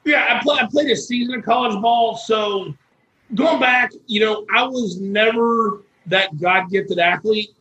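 A high-voiced man telling a story. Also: measured pace, bright, forceful tone, echoey room, lo-fi sound. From Florida. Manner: folksy and earnest, with quoted dialogue. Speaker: guest. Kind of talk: storytelling interview.

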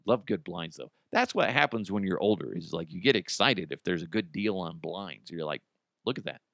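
A man's voice: low-pitched, expressive, normal speed, creaky, fairly bright tone, dry recording, studio quality. A middle-aged man hosting a podcast in casual chat, rambling and joking, swearing freely and laughing often. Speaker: podcast host.

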